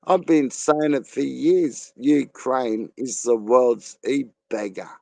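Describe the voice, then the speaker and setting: Australian man, gravelly voice, slow drawl, crude rambling chat, dry sound. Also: mid-range voice, a little mellow, no echo. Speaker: live stream host. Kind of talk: casual live chat.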